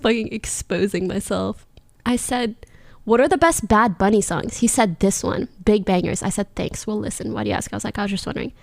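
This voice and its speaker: A woman's voice: mid-range voice, brisk, vocal fry. A young woman livestreamer chatting casually and playfully, laughing often as she sounds out words. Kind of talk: casual stream chat.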